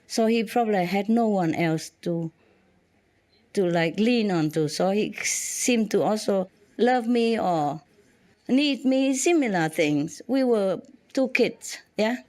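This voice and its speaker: Woman, halting. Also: mid-range voice, animated, a little mellow. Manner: halting, frequent restarts and fillers. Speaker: spiritual teacher. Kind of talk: personal storytelling to students.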